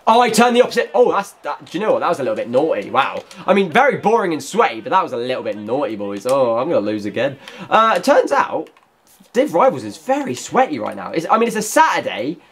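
Excitable young man commentating gameplay. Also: fairly high pitch, fast talker. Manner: excitable, banters at opponents, bursts into shouts and laughter. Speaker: gaming YouTuber.

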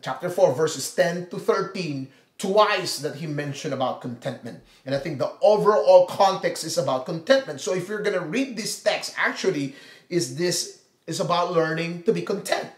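High-voiced pastor preaching in an echoey church. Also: male voice, lively intonation, moderate pace. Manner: dynamic preaching, swinging from loud emphatic cries to hushed prayerful tones. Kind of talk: sermon.

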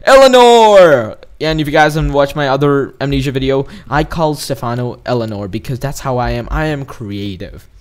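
Excitable male gaming host, middle pitch. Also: fairly quick, hardly any pauses. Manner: excitable, jumpy, laughing, startled yelps. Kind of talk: let's play commentary.

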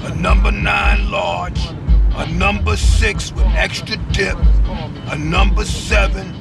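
Slow cartoon customer reading off an order. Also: male voice, sits high, expressive, creaky, heavily acted. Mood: deliberate. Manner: slow, deliberate listing. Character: cartoon customer placing a huge food order. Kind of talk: cartoon dialogue. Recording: clip with loud music behind. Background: loud music.

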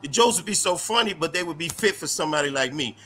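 A male comedian talking loudly and animatedly as a guest in a casual interview chat. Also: a little high, quick pace, slight background noise. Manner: loud, animated storyteller.

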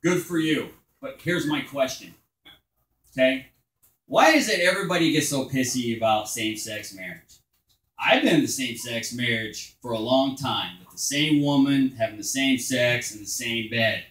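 A man doing crude open-mic stand-up at a bar, telling stories loosely and shouting his punchlines. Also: mid-range voice, normal speed, echoey room, poor audio. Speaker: stand-up comedian. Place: small bar stage.

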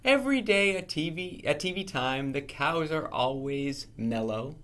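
A man reading a children's picture book aloud in a playful, animated way. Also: a little high, measured pace. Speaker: storybook reader.

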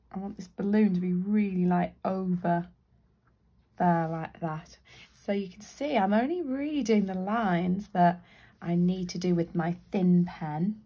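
Chatty Northern English woman with a gravelly, husky voice. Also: fairly low pitch, mellow. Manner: chatty, thinks aloud, briefly voices her drawn characters. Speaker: illustrator teaching drawing. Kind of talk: live drawing tutorial.

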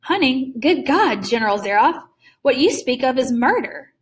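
A woman's voice: sits high, sing-song, moderate pace, distant mic. A woman voicing a principled young male hunter in a storybook reading, earnest and indignant. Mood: shocked.

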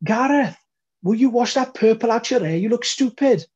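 A man doing a shrill, scolding old Welsh grandmother. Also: lively intonation, moderate pace, darkish tone, slightly rough, muffled recording, exaggerated voice. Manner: scolding and blunt. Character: blunt elderly Welsh grandmother shouting across a room.

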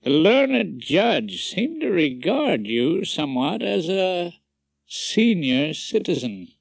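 A man voicing a bulky, genial middle-aged American law professor with a courteous, flattering, drawn-out way of speaking. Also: on the high side, vocal fry, no echo, exaggerated voice.

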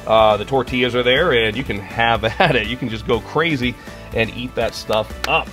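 Middle-aged guy cooking in his garage, bright forceful voice, laughs a lot, faint music behind. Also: medium pitch, moderate pace. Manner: chatty, laughs often. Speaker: griddle cooking video host. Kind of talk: casual cooking demo. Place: home garage.

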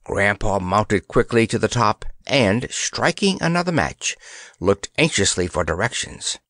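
Expressive, unhurried male storyteller. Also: fairly low pitch, no echo. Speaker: narrator. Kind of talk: audiobook narration.

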